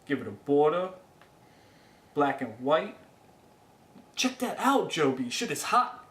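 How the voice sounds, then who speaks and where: A man's voice: fairly high pitch, very animated, slow pace, fairly bright tone, roomy sound, heavily acted. A man playing a brash wannabe Jersey Shore bro in a comedy sketch, with a terrible put-on New Jersey accent. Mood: cocky.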